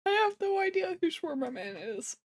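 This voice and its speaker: A woman's voice: very high-pitched, sing-song, a little fast. A woman livestreamer chatting casually, rambling and thinking aloud as she reacts to clips. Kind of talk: casual reaction stream chat.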